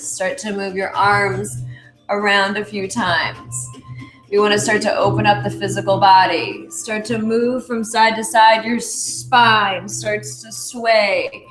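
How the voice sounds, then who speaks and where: Woman teacher guiding a class in a flat, unhurried voice; echoey room. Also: medium pitch. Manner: slow, calm guiding with repeated chanted syllables. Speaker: yoga teacher. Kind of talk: guided class instruction with chanting. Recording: roomy echo, faint music behind.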